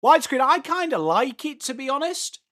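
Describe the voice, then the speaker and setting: The host of a fan watchalong stream, a young northern English man, talks briskly in a very high voice. His live sports commentary blends with reading chat, and he's excitable, calling out viewers by name as he jokes with them.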